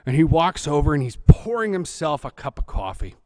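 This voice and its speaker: A man's voice: on the high side, big pitch swings, a little fast, mellow, in a large hall. A man in his thirties from California, telling a humorous, self-deprecating personal story at a church service.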